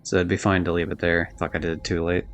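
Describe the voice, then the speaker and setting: A man's voice: deep voice, level tone, fast. A man streaming a video game live, chatting loosely and rambling, swearing now and then. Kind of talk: casual live-stream chat while gaming.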